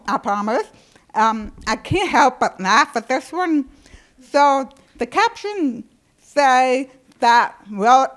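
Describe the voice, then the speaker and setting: A woman from the United States gives a presentation in a slow, unhurried delivery. Her voice sits a little high for a woman. She is animated and playful as she walks through the examples. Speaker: conference presenter. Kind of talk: presentation talk.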